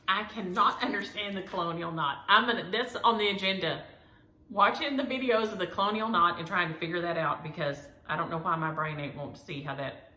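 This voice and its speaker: Woman, rambling homespun chat, bright tone, echoey room. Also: deep voice. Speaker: cross-stitch vlogger. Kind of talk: casual chat to viewers.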